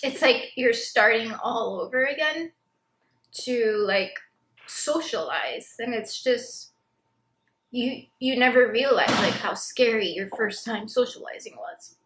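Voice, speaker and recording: A woman's voice: fairly high pitch, lively intonation, slow, a bit bright, slight background noise. A young woman, a stay-at-home mom, talking candidly to her viewers in a chatty, confessional way that is full of "like" fillers. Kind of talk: casual confessional chat to camera. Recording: roomy echo.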